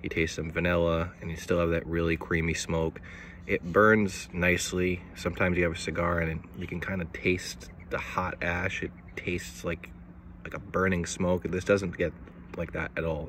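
A man's voice: low-pitched, fairly bright tone, slight background noise. A man giving a casual, laid-back video review who repeats words and swears offhandedly. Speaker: cigar reviewer.

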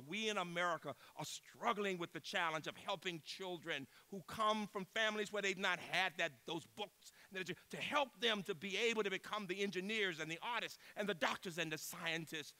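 Older man, keynote speaker, high voice, swings from loud to hushed, storytelling. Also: moderate pace, few pauses. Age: 60s. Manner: emphatic storyteller, swings between loud bursts and hushed tones. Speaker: university president giving a keynote. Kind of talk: inspirational keynote speech.

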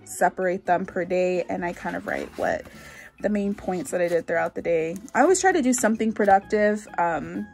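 A woman's voice: lowish voice, sing-song, moderate pace, creaky, a little mellow. A young woman vlogging casually from her bedroom, chatty and bubbly, with lots of "um"s and "like"s. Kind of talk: casual show-and-tell vlog.

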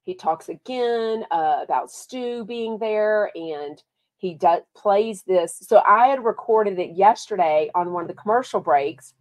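A woman from Texas with a Texan accent, hosting her podcast in a relaxed, chatty way. Her voice sits at an ordinary middle pitch, and she talks lively and casually, as if catching up with friends. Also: unhurried. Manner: chatty, lively, reads viewer comments aloud. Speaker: podcast host. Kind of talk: casual chat.

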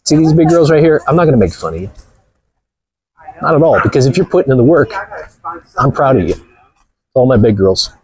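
Walking outdoors with a phone camera, a man vlogs in a blunt, mocking way, rambling through stories as he goes. His mid-range voice is warm and husky, with no echo, in casual walking-vlog talk.

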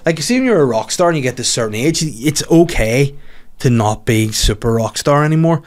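A man in his mid-thirties with a Northern Irish accent, hosting his own podcast as a comedian. He rambles through casual stories, swears freely and keeps things jokey. His pitch sits in the middle of the male range. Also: animated, a little fast. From Northern Ireland. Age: 30s. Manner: sweary, rambling, jokey, slips into mocking voices. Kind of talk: casual solo podcast monologue.

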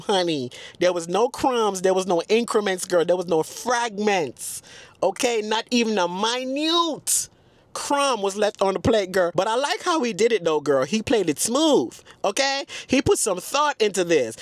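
A man's voice: sits high, animated, a little slow, no room sound. A man telling a storytime vlog in a sassy, dramatic way, constantly calling his listeners "girl". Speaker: storytime vlogger. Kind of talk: casual storytelling.

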